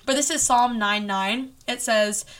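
A woman's voice: a little high, unhurried, a bit bright. A woman hosting a casual faith podcast, talking earnestly and chattily with lots of "like" fillers. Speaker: podcast host.

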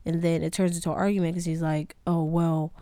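A young woman with a slightly low voice talks alone in a candid, meandering way, owning up to her own faults. Her sound is dry and close, with no room around it. It feels like a casual podcast monologue. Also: level tone, fairly quick, dark tone, dry recording. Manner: candid, rambling, self-critical. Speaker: podcast host.

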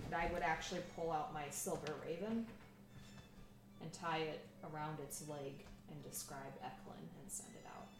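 A woman with a low voice describing her character's moves in a matter-of-fact way, heard from some distance. The room is echoey, with music playing behind. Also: steady tone, normal speed. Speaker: player. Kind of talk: casual game table chat.

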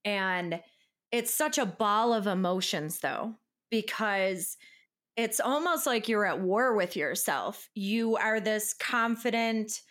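A woman's voice: mid-range voice, slow pace, a bit bright. Casual woman podcast co-host. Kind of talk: casual chat.

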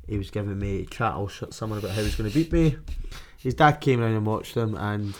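A man's voice: fairly low pitch, a little fast, a little mellow, a little hiss or hum. A young Scottish man hosting a podcast, chatting casually with a friend in sweary, laughing banter. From Scotland. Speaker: podcast host. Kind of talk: casual chat.

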